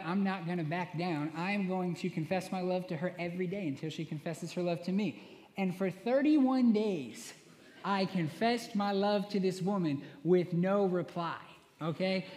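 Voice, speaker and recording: A man's voice: high voice, animated, normal speed. A young man preaching a sermon, telling playful self-mocking stories and often asking "right?". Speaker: worship minister preaching. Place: church sanctuary. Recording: echoey long hall reverb.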